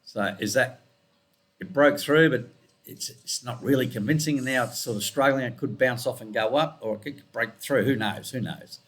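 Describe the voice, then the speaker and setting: A man's voice: medium pitch, moderate pace, a bit bright. A man walking through trading charts in a casual screencast, rambling and correcting himself, with muttered asides. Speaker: forex trading analyst.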